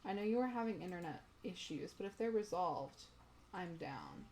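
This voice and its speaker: A woman's voice: lowish voice, lively intonation, normal speed, darkish tone, slight background noise. A young woman streaming a game, chatting casually with viewers, giggly and gushing. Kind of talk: casual gameplay stream chat.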